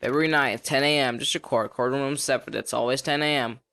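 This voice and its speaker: A man's voice: medium pitch, steady tone, brisk, vocal fry, pushed and bright. A man streaming a game, reading all the characters' lines aloud in his own voice and laughing at the game as he goes. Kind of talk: casual gameplay reading with commentary. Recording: music behind voice. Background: faint game music.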